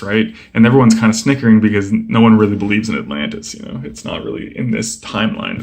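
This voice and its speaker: Chill young guy talking through a comic, kinda gravelly, says like a lot. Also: fairly low pitch. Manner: relaxed, rambling with many fillers. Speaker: comic book video host. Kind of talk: casual comic page-through commentary.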